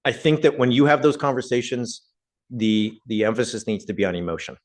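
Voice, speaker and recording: A man's voice: mid-range voice, expressive, brisk. A man and professor giving a conversational public talk to a live audience, often putting questions to the listeners. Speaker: guest speaker, professor.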